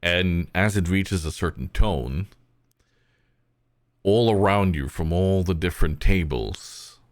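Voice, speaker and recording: A man narrating a live-streamed tabletop game as its game master, in a relaxed way and often chuckling. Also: low-pitched, takes it slowly, no room sound, clean studio sound.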